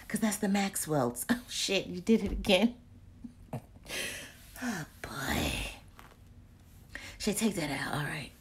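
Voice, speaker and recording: Chatty, exasperated woman vlogger. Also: a little high. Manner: chatty and exasperated, slangy, drops into whispers. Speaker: candle vlogger. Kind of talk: casual live chat to viewers.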